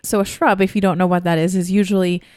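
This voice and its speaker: A woman's voice: lowish voice, flat delivery, fast, darkish tone, clear, resonant tone, no echo, clean studio sound. A woman co-hosting a casual podcast, telling stories in a chatty way and acting out what people said. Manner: chatty storyteller, acts out quotes. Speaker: podcast co-host. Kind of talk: casual chat.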